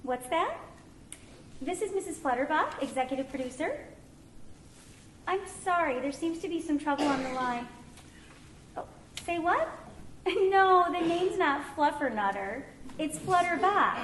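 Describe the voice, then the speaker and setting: A woman's voice: high voice, lively intonation, unhurried, long pauses, a bit bright, reverberant, slight background noise. A woman playing a gracious, gushing theater executive producer in a community radio play. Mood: flustered. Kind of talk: amateur radio play acting.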